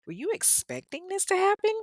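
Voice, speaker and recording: An awkward male deputy hesitates and sounds puzzled, as a woman storyteller puts him on. His lines bounce in pitch. The sound is dry and close. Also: wildly swooping pitch, fairly quick, no room sound, exaggerated voice.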